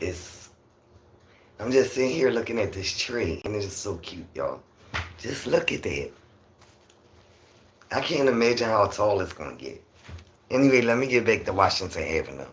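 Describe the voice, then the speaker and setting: Soft-spoken raspy man, roomy echo. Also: lowish voice. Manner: talks softly, near a whisper; rambling, chatty, with many fillers. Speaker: livestream host. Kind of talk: casual livestream chat.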